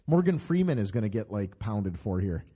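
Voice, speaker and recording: Lively, joking man in casual chat. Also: fairly low pitch, normal speed, slightly rough. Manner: animated, joking, many fillers and restarts. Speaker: podcast co-host.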